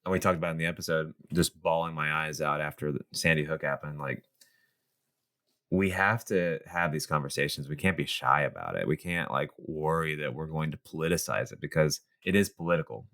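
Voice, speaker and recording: A man's voice: extremely low pitch, fairly quick, a bit bright. A man from Texas co-hosting a political podcast, speaking in an emphatic, impassioned way. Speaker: podcast co-host. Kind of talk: casual political chat.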